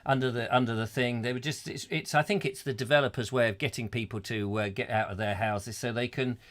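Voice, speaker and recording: A man's voice: medium pitch, fairly even intonation, a little fast, fairly bright tone. A middle-aged man hosting a live comedy chat show, rambling through viewers' comments with puns and silly asides. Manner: rambling, punning, bursts into silly voices and song.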